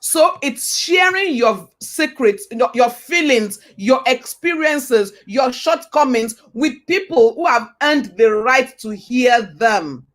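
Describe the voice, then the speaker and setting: A woman with a fairly high voice delivers a motivational talk. She hammers each point home by repeating it and throwing rhetorical questions at the listener. Her delivery has a preacher's cadence. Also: animated, takes it slowly, hardly any pauses. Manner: emphatic and repetitive, with rhetorical questions; preacher-like, quotes scripture. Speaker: motivational speaker.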